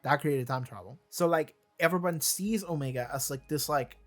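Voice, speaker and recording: A man's voice: on the high side, moderate pace, faint music behind. A man hosting a reaction video, rambling through casual commentary with lots of fillers, restarts and casual swearing.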